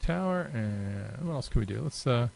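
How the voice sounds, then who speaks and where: A man narrating a software walkthrough in an easy, unscripted way. His voice sits in an ordinary middle pitch, and he pauses often with fillers as he clicks around. He keeps a relaxed, conversational tone throughout. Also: gravelly, rough recording. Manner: casual and unhurried, many filler pauses. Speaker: software demo presenter. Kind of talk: unscripted screen-share walkthrough.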